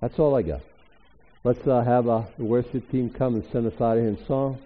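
Older pastor preaching in echoey hall. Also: male voice, mid-range voice, brisk. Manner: animated, emphatic preaching with sudden loud rises. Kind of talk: sermon. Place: church hall. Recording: echoey hall, tinny phone-like sound.

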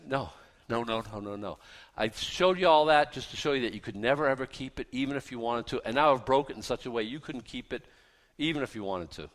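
A man preaching a sermon in a folksy, punchy way, with rhetorical questions and lively acted-out voices. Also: mid-range voice, normal speed. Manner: animated, acts out voices of biblical figures.

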